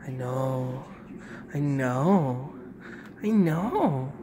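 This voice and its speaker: Soft-spoken vlogger hushing and reassuring. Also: mid-range voice, animated, normal speed, long pauses, heavy background noise. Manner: soft, hushed, reassuring, slipping into whispers. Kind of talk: casual vlog, soothing a pet.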